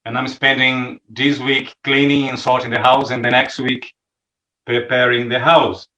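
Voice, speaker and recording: A man's voice: mid-range voice, little pitch movement, normal speed, bright, forceful tone, reverberant, rough recording. A man with a non-native English accent, giving a chatty, joking update to his church. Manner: chatty, self-deprecating humor. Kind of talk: casual livestream talk.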